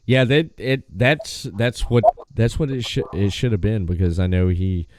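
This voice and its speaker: A man's voice: fairly low pitch, unhurried, a little hiss or hum. A man hosting a podcast, chatting casually and enthusiastically, often restarting his sentences and swearing now and then. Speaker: podcast host.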